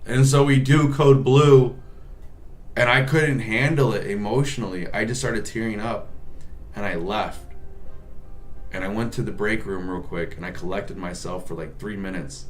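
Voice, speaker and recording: A man's voice: fairly low pitch, steady tone, moderate pace, faint music behind. A man, a nurse, telling a work story in a profane, rambling, casual vlog style.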